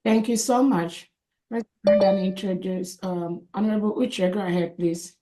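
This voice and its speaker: A woman's voice: medium pitch, steady tone, moderate pace, rough recording. A woman moderating an online meeting, politely calling on speakers to introduce themselves.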